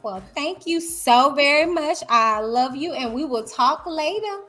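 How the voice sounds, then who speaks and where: A woman hosting a casual commentary vlog, talking loud and high-energy straight to her viewers. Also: expressive, unhurried, soft background music. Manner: chatty, addresses viewers directly. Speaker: YouTuber host.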